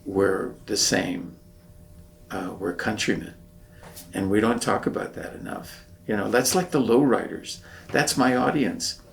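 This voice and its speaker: Older veteran dude talking earnest, low gravelly voice. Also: male voice, unhurried. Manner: earnest, reflective storytelling. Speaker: interviewee, veteran. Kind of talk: oral history interview.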